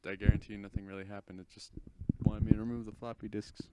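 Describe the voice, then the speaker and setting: Chatty teenage guy, low voice. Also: flat delivery, fast talker, heavy background noise. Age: teens. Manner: chatty, rambling, self-correcting. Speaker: host. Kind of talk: casual commentary over a screen recording.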